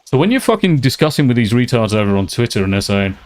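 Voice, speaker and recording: Brit guy ranting on his game stream, swears a lot, average pitch. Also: sing-song, quick pace, few pauses, a little hiss or hum. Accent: British. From Britain. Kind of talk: casual live-stream chat while gaming.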